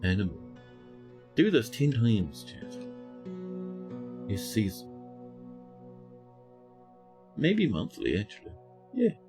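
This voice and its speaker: A man's voice: fairly low pitch, huge pitch swings, takes it slowly, pauses often, darkish tone, faint music behind. A man giving chatty live-stream commentary as he plays a game, talking to his chat and scolding the characters on screen. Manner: chatty, talks to chat while playing.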